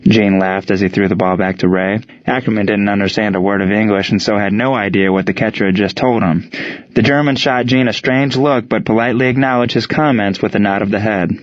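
A man reading a story aloud as narrator, in steady storytelling narration. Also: on the low side, a little fast, no echo, highs cut off. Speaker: audiobook narrator. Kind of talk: scripted narration.

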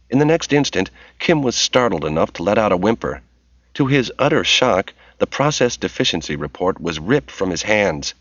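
A man narrating a novel as an audiobook in a steady, measured reading voice. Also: lowish voice, dry recording, lo-fi sound.

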